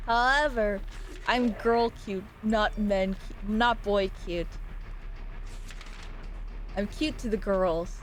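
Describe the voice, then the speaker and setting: A young woman streamer with a fairly high voice rambles and jokes as she plays. She talks into a desk streaming mic. A faint hiss sits behind her. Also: measured pace, rough recording. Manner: animated, jokey and rambling. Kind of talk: casual chat while gaming.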